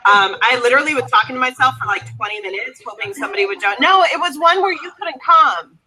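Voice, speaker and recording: Woman co-host, bright crisp voice, upbeat and chatty. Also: a little high, expressive, quick pace, poor audio. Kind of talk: casual chat.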